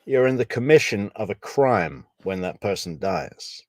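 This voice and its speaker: A man giving casual, analytical true crime commentary, measured and thinking aloud, with wry asides. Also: fairly low pitch, lively intonation, no room sound.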